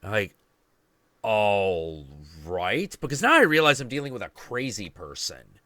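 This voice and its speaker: A man's voice: mid-range voice, wildly swooping pitch, fast talker, sharp tone, no echo. A man in his late twenties, hosting a podcast, telling a story in casual chat with plenty of swearing and ranting. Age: 20s. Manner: profane, ranting, confrontational. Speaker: podcast host.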